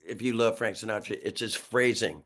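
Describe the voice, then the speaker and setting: A man in his sixties from New York, a guest musician telling road stories in a lively, rambling way with frequent chuckles and restarted sentences. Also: lowish voice, moderate pace. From New York, USA. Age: 60s. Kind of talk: casual storytelling interview.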